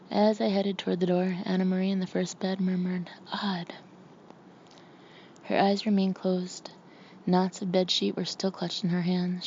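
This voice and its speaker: Gravelly, even-toned woman narrating. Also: lowish voice, slight background noise. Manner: steady, measured reading. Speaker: audiobook narrator. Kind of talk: audiobook narration. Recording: slightly muffled recording.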